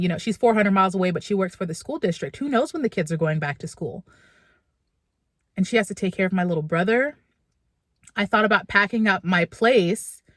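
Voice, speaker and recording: A woman's voice: medium pitch, no room sound, clean studio sound. A woman vlogging from her car and then a supermarket, candidly venting and getting emotional. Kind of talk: casual personal vlog.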